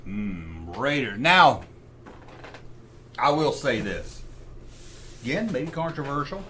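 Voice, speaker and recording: A man's voice: medium pitch, slow pace, slight background noise. A middle-aged man hosting a casual livestream chat, opinionated and talking himself through choices. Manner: animated, opinionated, talks to himself while deciding. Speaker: host.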